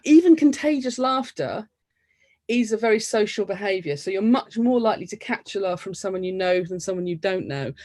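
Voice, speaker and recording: A woman from the United Kingdom giving an academic lecture, explaining things in a lively way. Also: medium pitch, no room sound.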